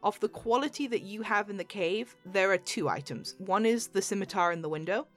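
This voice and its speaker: Casting: woman game master describing a shop, rambling casual narration, soft music underneath. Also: mid-range voice, lively intonation, a little fast. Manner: rambling, many fillers and restarts, laughs easily.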